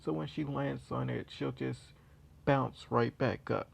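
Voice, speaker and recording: Slow, gravelly, rambling storyteller. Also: mid-range voice, fairly even intonation. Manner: rambling, many fillers and restarts. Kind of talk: casual fan story retelling.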